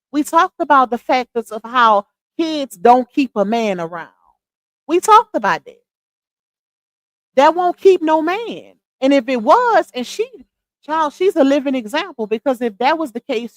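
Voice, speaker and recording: A woman's voice: sits high, no room sound, rough recording. Chatty middle-aged woman streamer. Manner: chatty, animated, addresses viewers as y'all and child. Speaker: live stream host. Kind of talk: casual chat commentary.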